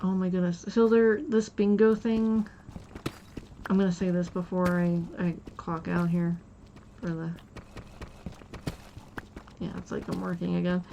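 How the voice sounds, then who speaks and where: A woman's voice: on the low side, little pitch movement, measured pace, vocal fry, pauses often, mellow, highs cut off, slight background noise. A woman live streamer chatting casually while she plays, rambling through stories with restarts and giggles.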